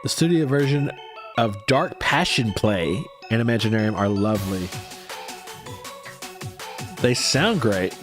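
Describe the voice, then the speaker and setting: A man's voice: lowish voice, animated, a little slow, pauses often, over music. Congested man chatting on a livestream. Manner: chatty, answers viewer comments aloud. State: congested with a cold; tired. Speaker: livestream host reacting to music. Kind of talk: casual livestream chat.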